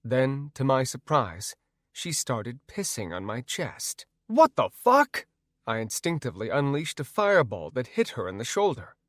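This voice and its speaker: A man narrating a first-person audiobook in an expressive, storytelling way. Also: medium pitch, normal speed, no room sound, clean studio sound.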